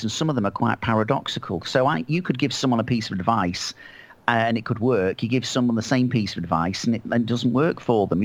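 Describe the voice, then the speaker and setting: A man, an author, talking casually and animatedly about his book in a podcast chat, full of asides and fillers. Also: medium pitch. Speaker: author and guest.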